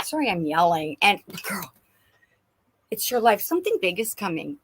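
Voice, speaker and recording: A woman giving an effusive, excitable psychic reading on a live stream, often breaking into laughter. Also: mid-range voice, moderate pace. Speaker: psychic reader.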